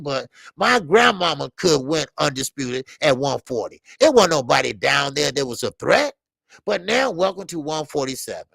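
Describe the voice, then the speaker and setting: A man's voice: on the high side, gravelly, no echo. A man hosting a live boxing stream, talking bluntly and repetitively to his chat, often swearing. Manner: blunt, repetitive, animated, profane. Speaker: boxing show host.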